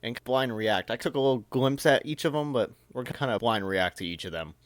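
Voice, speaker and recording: A man's voice: medium pitch, fairly quick, no room sound. A man reading texts aloud and commenting on them in a casual, amused reaction video.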